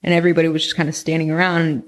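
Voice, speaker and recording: A woman's voice: sits low, level tone, rapid-fire. A young woman from Northern California telling her own story in casual conversation, rambling and swearing, with lots of "like". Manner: rambling, heavy use of "like", frequent swearing. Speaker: podcast guest recounting experiences.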